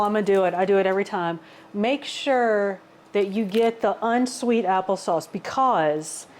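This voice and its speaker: A woman's voice: mid-range voice, a little hiss or hum. Rambling woman chatting in her kitchen. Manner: rambling, self-deprecating, says "y'all" a lot. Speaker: fitness and cooking vlogger. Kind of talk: casual chatty cooking vlog. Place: home kitchen.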